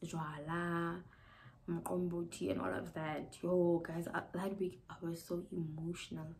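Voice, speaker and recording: Emotional South African woman, low voice. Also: flat delivery, unhurried, creaky, darkish tone, a little hiss or hum, rough recording. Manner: emotional, mixing English with Sesotho, drops often to a near whisper. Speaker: YouTuber. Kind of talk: casual storytime vlog.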